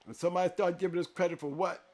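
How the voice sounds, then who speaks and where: A man with a notably high voice holds forth on his live show, hammering his points home and repeating them for weight. He swings from loud, emphatic declarations down to low, quiet reflection. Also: steady tone, rapid-fire. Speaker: show host. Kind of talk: live-stream chat to viewers.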